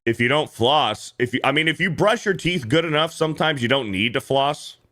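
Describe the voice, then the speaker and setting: A man's voice: a little high, lively intonation, fairly quick, a bit bright. A man hosting a livestream, reacting to clips in casual, profane commentary and often repeating himself. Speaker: livestream host.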